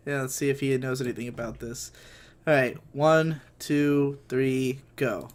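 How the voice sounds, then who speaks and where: A man co-hosting a comedy podcast, incredulous and quick to laugh, in casual banter. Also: medium pitch, steady tone, a little hiss or hum. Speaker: podcast co-host.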